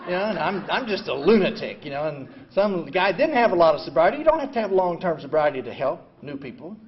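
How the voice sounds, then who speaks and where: An older man in his seventies sharing his story at a recovery meeting. He is blunt and self-mocking, says "you know" constantly, and swings between quiet reflection and loud outbursts. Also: on the high side, sing-song, quick pace. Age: 70s. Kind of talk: personal recovery talk. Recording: dull lo-fi recording.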